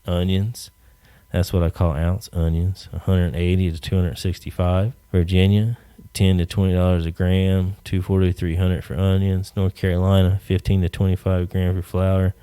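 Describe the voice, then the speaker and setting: Deep-voiced, profane podcast host. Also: male voice, little pitch movement, normal speed, warm tone, clean tone, no echo. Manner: rambling, profane, jokey asides. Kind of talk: casual solo rant.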